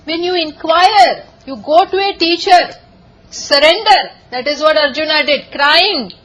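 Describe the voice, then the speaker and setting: A woman giving a lively scripture lecture, telling stories and often laughing. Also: high-pitched, a little slow, low-quality recording. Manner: animated storytelling, often laughing. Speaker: spiritual teacher.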